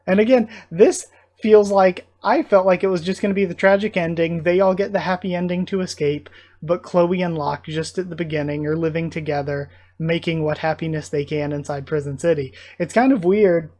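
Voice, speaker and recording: A man's voice: on the high side, a little mellow. A young man hosting a casual manga readthrough, describing the panels and reacting emotionally. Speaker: channel host reading a manga aloud.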